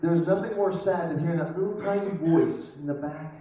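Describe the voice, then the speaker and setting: A man's voice: a little high, fairly quick. A man in his thirties performing a self-deprecating stand-up comedy set with crowd work, recorded live from a distance with an audience. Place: live venue with audience laughter. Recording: echoey room mic'd from far off, crowd audible.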